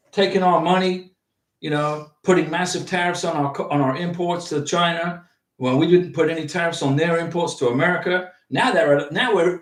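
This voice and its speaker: High-voiced guy rambling through viewer comments, sits back from the mic. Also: distant mic. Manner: rambling, animated, with restarts and chuckles. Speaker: livestream host answering viewer comments. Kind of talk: casual livestream chat. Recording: roomy echo, from off the mic.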